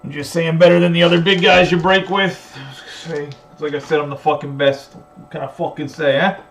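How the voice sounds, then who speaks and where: A man's voice: a little high, little pitch movement, fairly quick, fairly bright tone, slight background noise, pitched above the performer's own voice. A man voicing a cocky male mobster tough guy in a put-on New York accent, boasting and swearing. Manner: cocky, swearing, mock-threatening.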